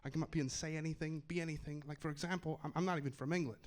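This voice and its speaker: A man with a slightly high voice performs a stand-up set on a club stage with a handheld mic. His delivery is wry and self-mocking, with punchy timing. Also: steady tone, racing, very noisy. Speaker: stand-up comedian. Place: comedy club stage in New York.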